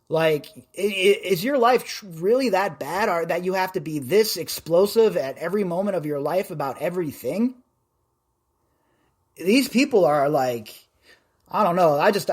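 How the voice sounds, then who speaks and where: A man from Las Vegas hosting a podcast live stream, chatting in a rambling, loudmouthed way. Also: fairly high pitch. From Las Vegas, USA. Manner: rambling, self-described loudmouth. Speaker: podcast host. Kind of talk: casual live-stream chat.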